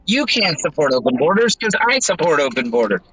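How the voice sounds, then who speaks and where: Bright, emphatic man in a chat. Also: a little high, a little fast, rough recording. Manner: animated, emphatic, swears for emphasis. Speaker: guest on a stream. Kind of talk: casual group chat.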